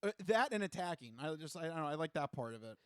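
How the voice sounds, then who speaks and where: A man hosting a podcast in casual chat, easygoing and halting, with lots of fillers. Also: on the high side, sing-song, smooth, no room sound, studio quality. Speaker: podcast host.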